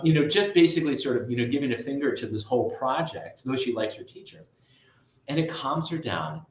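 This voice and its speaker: A middle-aged man, a guest tutor and author, telling stories in a lively conversational interview and often adding "right?". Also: mid-range voice, roomy sound, slight background noise, rough recording. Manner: lively, storytelling, frequent "right?" asides.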